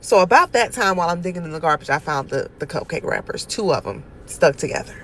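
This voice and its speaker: A woman telling a story about her niece and nephew in a casual vlog, animated and exasperated, with sudden loud outbursts. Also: deep voice, fast, rough recording. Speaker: aunt telling a family story.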